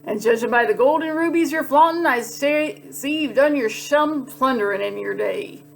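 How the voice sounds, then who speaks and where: Cranky male pirate captain in a kids' storybook, gruff and loud, read by a woman. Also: high-pitched, normal speed, soft background music. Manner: rhyming, bellowing pirate talk.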